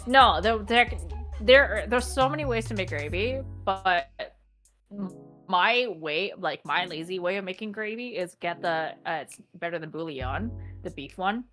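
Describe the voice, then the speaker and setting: A woman's voice: mid-range voice, a little slow, soft background music. Blunt, swearing young Canadian woman. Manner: swears freely, animated and blunt. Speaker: podcast co-host. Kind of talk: casual podcast chat.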